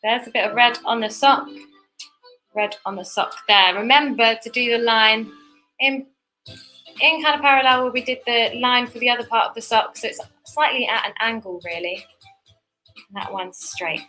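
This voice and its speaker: Brief: young female art teacher, bright and fairly high voice, chatty, encouraging, leading a kids' painting class. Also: normal speed, faint music behind, poor audio. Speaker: painting instructor. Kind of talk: live step-by-step painting class for kids.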